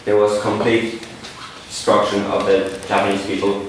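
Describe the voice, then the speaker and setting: A man's voice: lowish voice, completely flat delivery, normal speed, a little hiss or hum. A man giving an earnest debate speech, often stopping to restart his words, in a large chamber. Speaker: debate speaker. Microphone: far room mic. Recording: echoey hall from far off.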